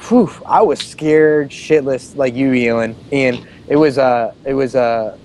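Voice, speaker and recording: A man's voice: mid-range voice, takes it slowly, darkish tone, a little hiss or hum. A man co-hosting a podcast, recalling a childhood memory with casual restarts. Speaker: podcast co-host. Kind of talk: casual storytelling over a call.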